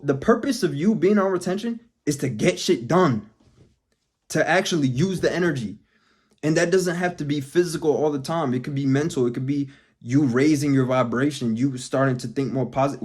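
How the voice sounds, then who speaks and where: A man's voice: a little high, darkish tone, husky. A man ranting bluntly on camera, heavily profane and emphatic, in a casual motivational style. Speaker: vlogger.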